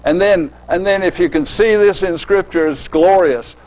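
A man's voice: high voice, normal speed, a little mellow, low-quality recording. An older man preaching a sermon in a folksy, joking way, often checking in with his listeners.

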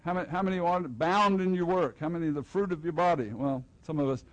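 A man's voice: on the high side, fast talker, no echo, poor audio. An older man preaching a festival sermon in a loose, joking, conversational way, acting out little dialogues with the congregation. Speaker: pastor. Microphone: headset mic.

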